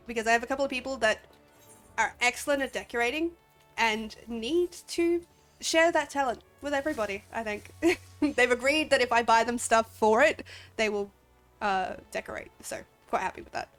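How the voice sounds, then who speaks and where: Faint game music plays under this Australian woman's casual streaming chatter. Her voice sits on the high side with a fairly bright tone, and she rambles through the gameplay commentary, sniffly, a little drowsy and quick to laugh.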